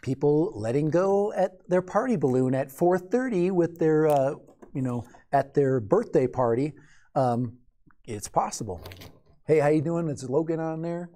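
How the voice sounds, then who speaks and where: A man's voice: a little high, lively intonation, a little slow, warm tone. A man in his fifties hosting a casual live stream, rambling and joking with viewers in chat as a hobby drone pilot. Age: 50s.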